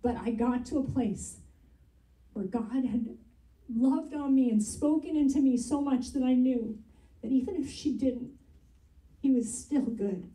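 A woman's voice: sits high, a little slow, pauses often, mellow. A woman pastor preaching in a church, earnest and conversational as she reads and explains scripture. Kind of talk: sermon. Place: church sanctuary. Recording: roomy sound from a distance.

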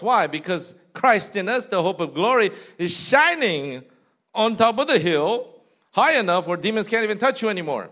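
A man's voice: high-pitched, moderate pace. Guy preaching in church, voice swings up and down a lot, acts out little bits of what people say. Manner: animated preaching, mimics people in quoted asides. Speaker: pastor. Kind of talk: sermon. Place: church sanctuary.

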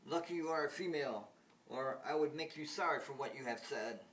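A scornful young alien ruler proclaims his words with lofty arrogance, pitched up and loud, as a man reads him out. The mic sits a little distant, with a faint hum of ambience behind. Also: fairly quick, lightly acted. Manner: proclaiming quoted lines louder and higher.

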